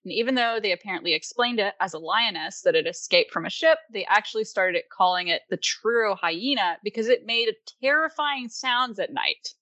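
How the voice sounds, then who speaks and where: A woman's voice: mid-range voice, normal speed, few pauses, bright, forceful tone, dry recording. A woman co-hosting a podcast, chatting casually and laughing often as she relays what she has read, with plenty of fillers. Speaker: podcast co-host presenting research. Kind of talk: casual chat.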